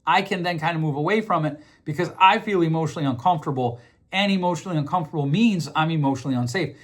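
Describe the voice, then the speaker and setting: A man's voice: on the high side, quick pace. A middle-aged man hosting a podcast, explaining ideas in a casual, conversational way, often repeating words as he thinks. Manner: conversational, repeats words while thinking, acts out quoted voices. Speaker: podcast host.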